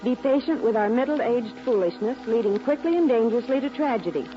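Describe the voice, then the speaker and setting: An actress plays a caring young secretary with a rather high, warm voice. Music runs underneath, and the sound is dull and lo-fi like an old broadcast. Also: female voice, animated, brisk, lightly acted. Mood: formal. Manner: warm, concerned. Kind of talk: 1940s radio acting.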